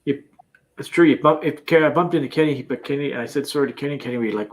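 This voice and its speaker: A man's voice: fairly high pitch, fast talker. A Canadian man hosting a casual live-stream chat from his campervan, reading out viewer comments and laughing often. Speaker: livestream host.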